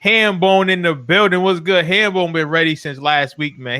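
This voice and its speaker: A man's voice: fairly high pitch, moderate pace, bright, forceful tone, smooth, dry recording. A man hosting a casual sports podcast, talking in loose, slangy banter with his co-hosts. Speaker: podcast host.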